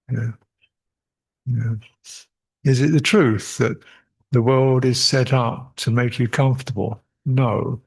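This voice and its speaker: Older male monk teacher, husky and unhurried, reflective retreat talk, chuckles, repeats phrases. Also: mid-range voice. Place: meditation retreat hall.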